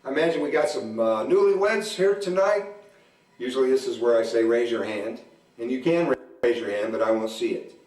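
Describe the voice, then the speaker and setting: A man in his forties doing stand-up comedy at a church event, telling deadpan stories about his marriage and acting out both sides of the arguments. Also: medium pitch, a little fast. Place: church hall. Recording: echoey hall, mic from a distance.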